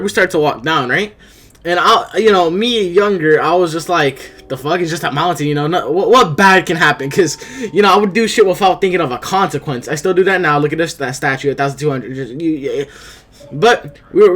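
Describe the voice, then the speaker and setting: A teenage guy tells a storytime on his vlog, tripping over his words and swearing as he goes. His voice sits a little high and comes out bright and pushy. A faint guitar track plays underneath. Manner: rambling, profane, animated retelling with frequent restarts. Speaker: storyteller vlogger. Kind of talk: casual storytime.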